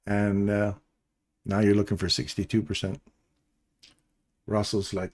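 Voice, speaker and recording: A man's voice: lowish voice, flat delivery, unhurried, a little mellow. A middle-aged man hosting a live stream, talking viewers through trades in a chatty, rambling, jokey coaching way. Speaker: trading stream host. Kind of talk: casual live trading walkthrough.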